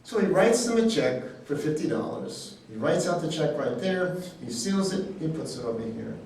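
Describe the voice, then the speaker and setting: A man teaching a sermon, telling personal stories in a folksy, animated way. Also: fairly high pitch, moderate pace, vocal fry, slight background noise. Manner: storytelling, animated, folksy asides. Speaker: healing ministry teacher. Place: church hall. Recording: echoey hall, speaker far from the mic.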